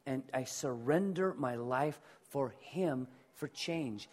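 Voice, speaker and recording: A man's voice: mid-range voice, slow. A middle-aged male pastor preaching a sermon in a conversational way, asking the congregation to repeat words after him.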